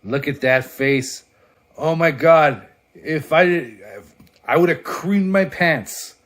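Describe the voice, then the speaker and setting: A man casually reviewing a comic book on his vlog, excitable and profane, laughing often as he flips through pages. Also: a little high, slow.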